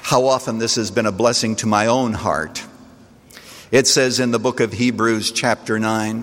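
A man preaching a sermon as pastor, speaking earnestly and letting his voice swell on key phrases, then drop low and soft. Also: fairly even intonation, normal speed, in a large hall.

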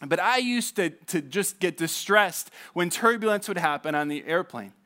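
A pastor preaches at a moderate pace in a conversational, animated way. He often poses questions to his listeners and drops low and quiet when making key points.

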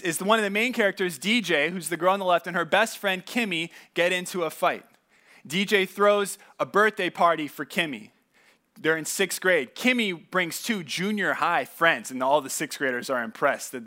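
A pastor giving a conversational sermon, telling stories casually with asides and repeated words. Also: male voice, on the high side, pushed and bright.

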